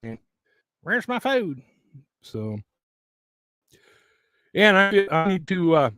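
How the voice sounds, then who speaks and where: Speaking in a mid-range, slightly bright voice, a man hosts a casual home live chat for his YouTube channel. The studio-quality audio has no room sound and is recorded very close to the mic, catching his rambling, repeated restarts, laughter, and increasingly thin voice.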